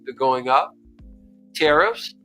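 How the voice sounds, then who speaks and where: An American man hosting a stream, talking in a casual, animated way that keeps repeating words. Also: medium pitch, takes it slowly, smooth, faint music behind. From United States. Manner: animated, excitable, repeats words, laughs often. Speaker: stream host. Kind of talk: casual chat.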